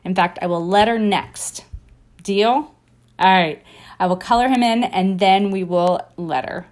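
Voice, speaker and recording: A woman teaching a relaxed doodling lesson, narrating each pencil stroke in a chatty way. She keeps up a steady stream of encouragement and thinks aloud as she sketches. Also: mid-range voice, a little slow. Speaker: drawing teacher. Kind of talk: casual drawing tutorial.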